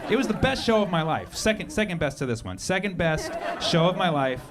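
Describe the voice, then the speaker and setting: A man performing a stand-up comedy set on a club stage into a handheld mic, deadpan with sudden loud punchlines. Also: high voice, fairly quick. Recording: noisy live club recording with crowd laughter.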